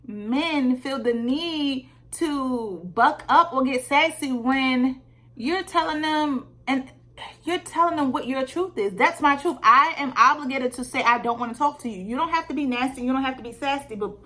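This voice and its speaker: A woman vlogger telling a dating story in a candid, animated way, with lots of fillers. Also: sits high, moderate pace. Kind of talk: casual storytime vlog. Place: Georgia.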